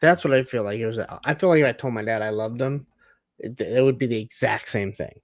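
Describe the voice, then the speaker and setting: Man chatting thoughtfully in a tv recap, mid pitch, dry sound. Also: a little fast, dry recording. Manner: reflective, chatty, frequent fillers like "like". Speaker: podcast co-host. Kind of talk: casual TV recap chat.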